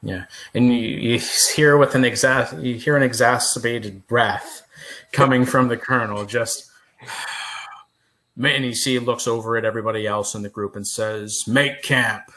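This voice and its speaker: Male game master, easygoing scene narration, mid-pitched, loose and unhurried. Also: fairly even intonation, a bit bright. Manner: laid-back, describes scenes with loose fillers.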